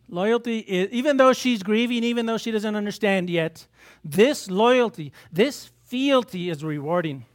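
A man's voice: high-pitched, expressive, normal speed. A man preaching a sermon as a pastor, asking his congregation rhetorical questions and acting out biblical scenes in raised voices.

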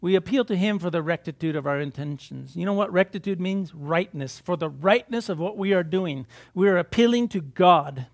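A pastor giving a sermon in a conversational, off-the-cuff way, full of asides and repeated words. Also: male voice, sits high, brisk, few pauses. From United States.

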